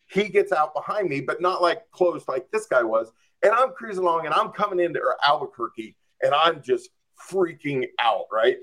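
Brief: male podcast guest, casual animated storyteller, a bit higher-pitched than most men, peppers everything with "like.". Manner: animated, acts out his own reactions; frequent "like" and "I'm just like".

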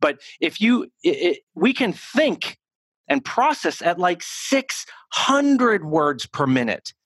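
American guy coaching on speech, really lively up and down voice, dry close mic. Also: high-pitched, takes it slowly, dry recording. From United States. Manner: animated, emphatic explaining with restarts. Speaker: communication coach, guest. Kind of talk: podcast interview.

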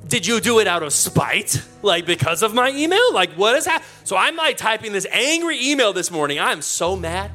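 Young guy pastor telling a story on stage, kinda high voice, laughs at himself a lot, soft music behind. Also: normal speed, few pauses. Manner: animated, laughing, self-mocking. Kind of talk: storytelling sermon.

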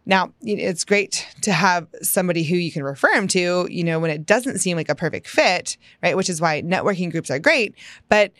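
A woman's voice: on the low side, normal speed, a bit bright, no room sound, studio quality. A woman business coach hosting her own podcast, giving an enthusiastic, emphatic motivational talk that often checks in with "right?".

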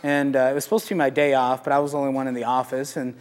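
A man, a Catholic priest, giving a casual, animated talk to a live audience, asking rhetorical questions. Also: mid-range voice, very fast. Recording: echoey hall.

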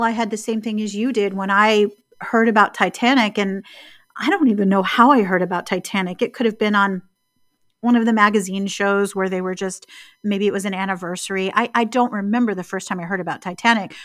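A woman co-hosting a casual podcast, talking in a reflective, storytelling way and slowing down on key words. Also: mid-range voice, no room sound, studio quality. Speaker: podcast co-host.

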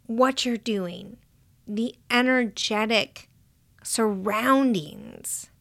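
A woman giving a calm, measured motivational talk to entrepreneurs, sometimes dropping to a soft whisper. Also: a little high.

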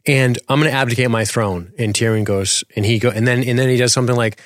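A man's voice: medium pitch, fast talker, few pauses, dry recording, studio quality. A man co-hosting a casual TV recap show, opinionated and profane, reading chat comments aloud. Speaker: podcast co-host.

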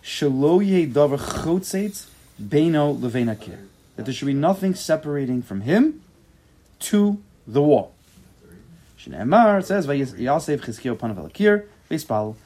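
Guy teaching talmud class, slightly high voice, restarts a lot as he thinks. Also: sing-song, dark tone. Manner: thinks aloud, quick restarts, reads text aloud. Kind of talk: casual shiur teaching.

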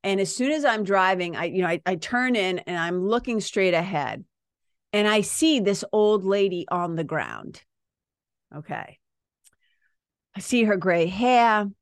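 A woman's voice: on the low side, no room sound, studio quality. A woman, a yoga teacher, telling a personal story in a casual, conversational way, full of "right?" and "like" and the odd swear word. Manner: conversational, with frequent "right?" and "like" fillers; frank, swears now and then.

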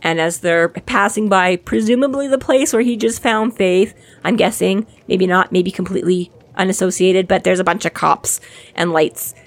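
A woman's voice: medium pitch, normal speed. A woman chats casually about a novel she has been reading. She retells the story with lots of energy and laughter, slipping into the characters' lines as she goes. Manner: animated, laughing, acts out quotes. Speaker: podcast co-host. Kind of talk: casual chat recapping a book.

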